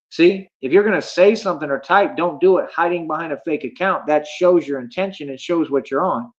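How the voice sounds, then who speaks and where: Streamer, man, fairly high voice, cocky and confrontational, muffled lo-fi audio. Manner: boastful, confrontational, slangy. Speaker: livestreamer. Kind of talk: livestream rant at chat.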